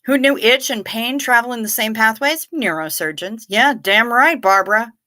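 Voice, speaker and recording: This middle-aged livestream host reads viewer comments with sardonic, dry humor in a casual chat. Her voice is fairly high and sharp, moving at a moderate pace.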